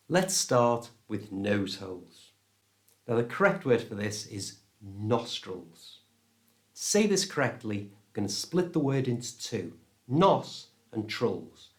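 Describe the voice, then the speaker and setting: A British-accented man teaching an English lesson, modelling each word slowly and deliberately. His pitch swings up and down with plenty of life, and his pace stays unhurried throughout. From England. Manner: slow, clear and deliberate, modelling words for repetition. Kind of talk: pronunciation lesson to camera.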